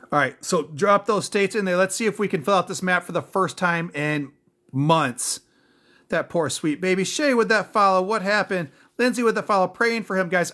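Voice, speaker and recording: A man's voice: sits high, fairly bright tone. A man hosting a casual livestream, reading out viewer names and comments in an upbeat, thankful way. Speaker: livestream host.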